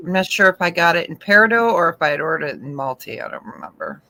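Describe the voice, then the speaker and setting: A woman's voice: fairly low pitch, sing-song, quick pace, vocal fry, bright, forceful tone, poor audio. A middle-aged woman co-hosting a live-stream jewelry auction, chatting and describing pieces, laughing often.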